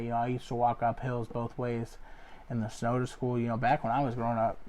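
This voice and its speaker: A young man, a comedy show host, rambling through a loose joke monologue full of fillers and deadpan asides. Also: medium pitch, slight background noise. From Ohio area. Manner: loose, filler-heavy, deadpan jokes with acted quotes. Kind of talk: rambling stand-up style monologue.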